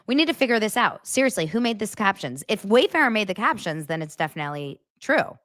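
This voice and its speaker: A woman's voice: mid-range voice, sing-song, fairly quick, fairly bright tone, no echo, studio quality. A woman hosting a celebrity gossip show, chatting casually to her viewers, emphatic and incredulous, often repeating herself. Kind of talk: casual chat to camera.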